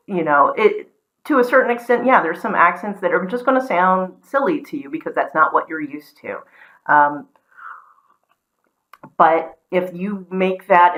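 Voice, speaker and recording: A woman's voice: low-pitched, fairly bright tone, poor audio. A woman from the American South with a North Carolina accent, talking casually with many ums and restarts. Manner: rambling, frequent ums and restarts. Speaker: vlogger. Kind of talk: casual explanatory talk.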